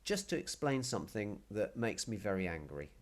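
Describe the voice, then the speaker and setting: A man's voice: lowish voice, very animated, moderate pace. A man teaching a casual Spanish lesson, patiently explaining and repeating words. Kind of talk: casual video language lesson.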